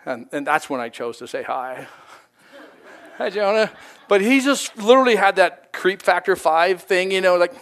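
A male pastor giving a conversational, animated sermon, acting out quotes as he tells the story. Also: high-pitched, normal speed. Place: church sanctuary.

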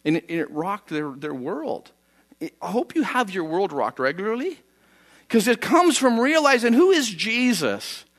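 Lively higher-voiced man preaching. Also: moderate pace. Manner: folksy, storytelling, animated asides. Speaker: pastor. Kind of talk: conversational sermon.

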